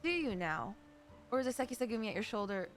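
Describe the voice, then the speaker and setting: A woman voicing a gruff, suspicious male gang boss, sneering and low, reading game dialogue on stream. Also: very animated, quick pace, soft background music. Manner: sneering, lower and quieter.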